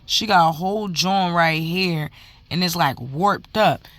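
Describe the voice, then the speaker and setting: A woman's voice: lowish voice, a little slow, fairly bright tone, no echo. A mother telling a story to camera in a casual, heated and profane way, talking in emphatic run-on bursts.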